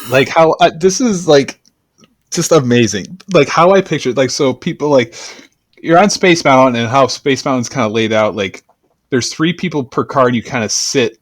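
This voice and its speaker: Brief: a relaxed male host chatting, dry recording. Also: medium pitch, normal speed, no echo. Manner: relaxed and chatty, many fillers. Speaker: podcast host. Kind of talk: casual podcast chat.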